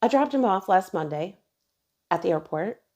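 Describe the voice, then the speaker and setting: A woman's voice: medium pitch, animated, normal speed. A woman in her thirties earnestly telling a personal story on her own channel. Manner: earnest, emotional retelling, quoting others softly.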